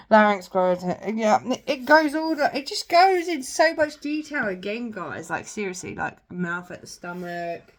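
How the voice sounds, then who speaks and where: A woman's voice: mid-range voice, a bit bright. A young woman, casually showing old children's books to her viewers in a chatty, gushing way with lots of filler words. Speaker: vlogger. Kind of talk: casual book show-and-tell.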